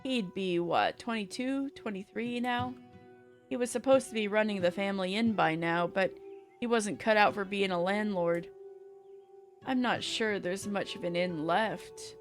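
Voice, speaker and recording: A gruff middle-aged farmer who rambles through his story, as a woman reads him out in a plain, unaccented voice. The voice sits at an ordinary middle pitch, with soft music behind it. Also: close to an everyday voice. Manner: plain reading voice, no accent put on. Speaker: streamer reading a visual novel aloud.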